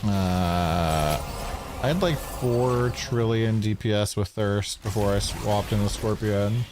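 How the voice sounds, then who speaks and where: Low-voiced man chatting on a game stream. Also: slow, background noise. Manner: loose and chatty, swears freely, answers chat. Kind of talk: casual livestream gameplay commentary.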